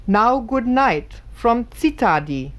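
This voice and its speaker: Woman, documentary narrator, slow and deliberate, lively pitch. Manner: careful, deliberate reading. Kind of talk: scripted narration.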